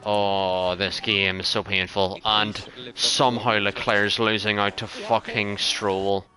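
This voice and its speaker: A man live-streaming a racing game, talking to his chat, excitable and foul-mouthed, swinging from yelling to muttering. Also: lowish voice, slow pace. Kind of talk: live gaming commentary to chat.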